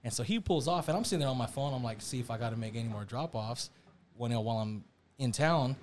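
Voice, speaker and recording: Young guy spinning a wild story, slangy and lively, faint noise in the room. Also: medium pitch, fast. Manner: animated slang-heavy storytelling, acts out quotes. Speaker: storyteller on a podcast. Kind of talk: casual storytelling chat.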